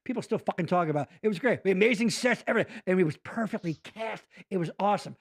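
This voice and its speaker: A man hosting a loose podcast conversation in a bright, high register that leaps up and down. He swears often, stumbles through restarts and rambles happily between topics. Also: fast. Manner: animated, profane, rambling. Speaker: podcast host. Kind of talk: casual podcast chat.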